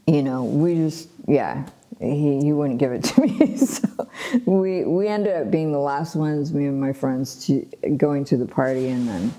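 A middle-aged woman from Los Angeles, a guest telling her life story in a casual, animated way, with frequent laughs, fillers and restarts. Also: low voice, a little slow. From Los Angeles, USA. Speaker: guest sharing her testimony.

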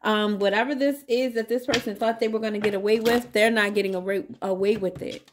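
A woman's voice: mid-range voice, steady tone, a little fast, noisy background. A woman giving a casual tarot reading to her viewers, chatty and playful, calling them baby and y'all. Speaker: tarot reader.

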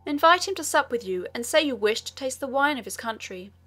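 A woman's voice: high-pitched, expressive, a little fast, fairly bright tone, faint music behind, voice pushed up. A woman voicing Aladdin, a desperate, earnest young man, in a pleading, urgent way. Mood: commanding.

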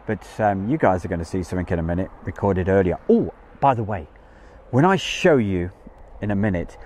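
A man with a fairly low voice chats away on a live stream from an outdoor campsite field. His pitch swings widely and animatedly as he jokes and greets viewers one by one. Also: animated, fairly quick, darkish tone, a little hiss or hum. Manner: jokey, chatty, greets viewers by name. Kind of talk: casual live-stream chat.

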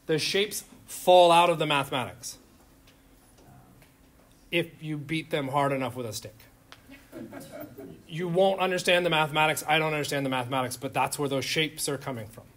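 A man's voice: mid-range voice, a bit bright. A man lecturing a chemistry class in an informal, joking way, firing questions at his students. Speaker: chemistry instructor.

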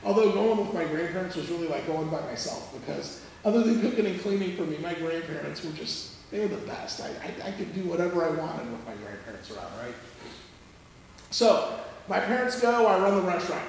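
A man preaching a sermon as a pastor, telling a story in an animated, conversational way and checking in with listeners as he goes. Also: a little high, fairly quick, creaky, a little hiss or hum. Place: church sanctuary. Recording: echoey church hall from far off.

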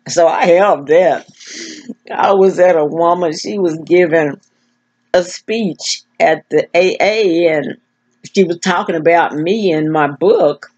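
Slow, husky-voiced older woman. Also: on the low side, a little mellow. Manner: slow, effortful speech with word-finding stumbles and repeats; frank, plain-spoken. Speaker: vlogger. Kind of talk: casual personal talk to camera. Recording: dull lo-fi recording.

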